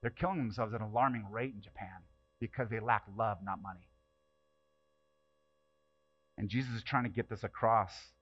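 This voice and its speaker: A man preaching a sermon in church, talking conversationally, throwing rhetorical questions at the congregation, and swinging between loud bursts and hushed asides. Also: lowish voice, quick pace, slightly rough, highs cut off. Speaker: pastor.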